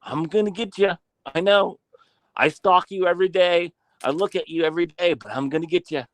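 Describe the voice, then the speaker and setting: A man's voice: high-pitched, fairly quick, close to an everyday voice, rough recording. A man playing a jealous online rival who whines out sulky threats, without attempting an accent. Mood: whiny menace. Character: jealous small-time male online rival making threats.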